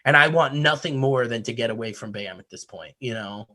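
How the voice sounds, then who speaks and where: A podcast host from Connecticut spins a chaotic anecdote. He swears constantly, laughs at his own story and talks in a loose, animated way. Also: medium pitch, a little fast. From Connecticut, USA. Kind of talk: casual storytelling.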